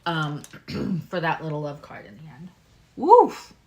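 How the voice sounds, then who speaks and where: A woman doing a live-stream tarot reading, talking to her viewers with lively exclamations and asides. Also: sits low, a little slow, background noise. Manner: animated, talks to viewers, exclamations. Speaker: tarot reader.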